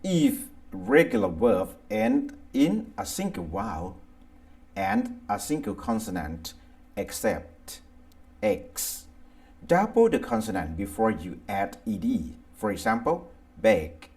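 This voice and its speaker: A man with a Thai accent reading an English grammar lesson, going deliberately through lists of verbs one by one. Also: on the low side, big pitch swings, darkish tone. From Thailand. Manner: slow, deliberate, reads word lists aloud one by one. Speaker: English teacher. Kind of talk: slow scripted grammar lesson.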